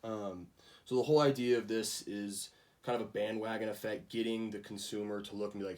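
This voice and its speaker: A man's voice: lowish voice, fairly even intonation, brisk, a little mellow, distant mic. A young man giving a casual class project presentation, with frequent ums and restarts. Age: young adult. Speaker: student presenter.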